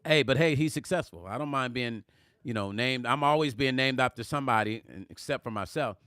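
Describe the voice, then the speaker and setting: A middle-aged man hosting a live music vlog, reading viewer comments aloud in casual chat, animated and emphatic and repeating words for emphasis. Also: medium pitch, brisk, no room sound, studio quality. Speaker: music vlogger hosting a livestream.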